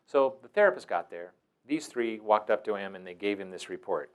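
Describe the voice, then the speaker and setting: A man's voice: on the low side, animated, fairly quick. A man hosting a talk, telling stories casually and wryly. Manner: casual, wry, playfully acts out quoted voices. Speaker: host. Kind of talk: anecdotal storytelling talk.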